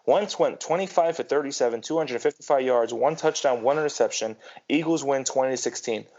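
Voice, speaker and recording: A man's voice: mid-range voice, fairly quick, darkish tone. A man co-hosting a casual sports podcast, rambling and ranting with frequent restarts. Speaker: podcast co-host. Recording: dull lo-fi podcast audio.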